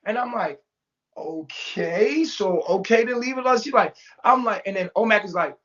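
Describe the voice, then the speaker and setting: A man's voice: high-pitched, moderate pace, fairly bright tone, lo-fi sound. A man telling a story in casual talk, acting out every quote with big jumps in his voice and swearing freely. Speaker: storyteller guest. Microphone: remote call mic.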